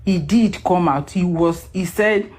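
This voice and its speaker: Emotional woman, voice set low. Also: unhurried, a little mellow. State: emotional, close to tears.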